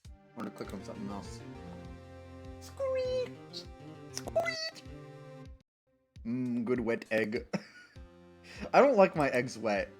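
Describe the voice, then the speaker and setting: A man's voice: mid-range voice, big pitch swings, a little slow, long pauses, over music. Giggly, playful male streamer. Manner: giggly, playful, silly voices. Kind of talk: casual game-stream commentary.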